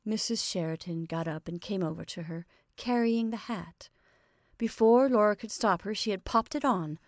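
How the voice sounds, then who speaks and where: A woman giving a measured, expressive reading of a literary short story as narrator. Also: medium pitch, no room sound, clean studio sound.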